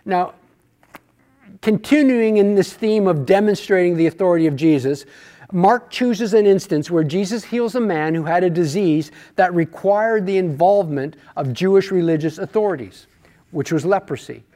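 A man's voice: high-pitched, moderate pace, dark tone. A man teaching a Bible study class, talking through a passage conversationally and asking rhetorical questions.

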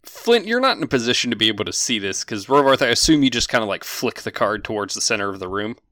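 Lively, bright-voiced male game master. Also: mid-range voice, quick pace, dry recording. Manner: lively, casual, swears freely. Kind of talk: narrating a tabletop game.

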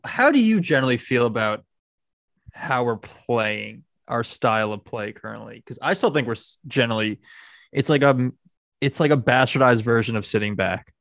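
A man's voice: medium pitch, animated, normal speed, vocal fry, a bit bright, no room sound, clean studio sound. Man hosting a casual football chat. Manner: laughs often, rambling with restarts.

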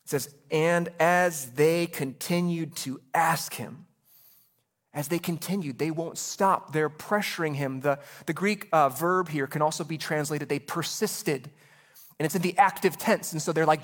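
A man preaching a sermon as pastor, animated, acting out voices in the story with quick asides. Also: a little high.

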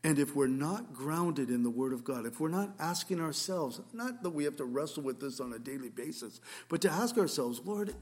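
A man's voice: a little high, animated, moderate pace, few pauses, a little mellow. A male pastor giving a conversational sermon, telling a story earnestly with frequent restarts.

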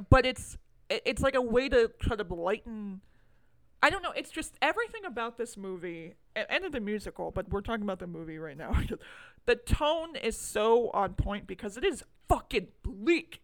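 A woman's voice: a little high, sing-song, normal speed, no room sound, low-quality recording. A woman co-hosting a casual movie podcast, chatting with enthusiasm and lots of fillers and asides. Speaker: podcast co-host.

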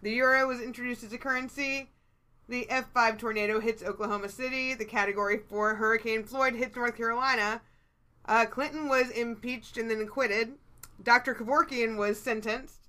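Bright-voiced chatty woman host. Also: a little high, fairly even intonation, moderate pace. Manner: chatty, swears freely, laughs often. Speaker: podcast co-host. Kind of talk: casual chat.

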